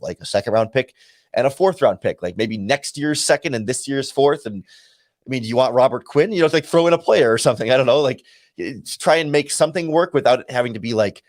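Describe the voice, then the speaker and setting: A man, a guest analyst on a sports talk show, reasoning aloud in a halting way with many restarts. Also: mid-range voice, no room sound, clean studio sound. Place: remote call.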